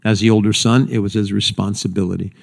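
A man's voice: fairly low pitch, fast talker, creaky. A man preaching a sermon, telling the story with feeling and acting out the people he quotes. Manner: animated, acts out quoted speakers in raised voice. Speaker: pastor.

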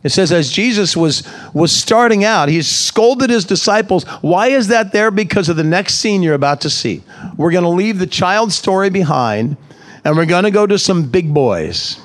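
A man preaching a conversational sermon at a church service. His voice sits a touch high for a man, and he keeps turning to the congregation with questions as he explains the text. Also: expressive, moderate pace. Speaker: pastor.

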